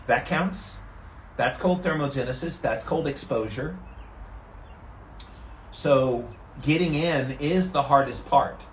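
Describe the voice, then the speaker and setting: A man vlogging from an ice bath, talking calmly and steadily to the camera. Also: mid-range voice, takes it slowly, long pauses, echoey room, slight background noise. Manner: calm and steady, relaxed despite the cold. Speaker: vlogger doing a daily ice bath challenge. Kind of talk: casual talk to camera. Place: sitting in an ice bath tank.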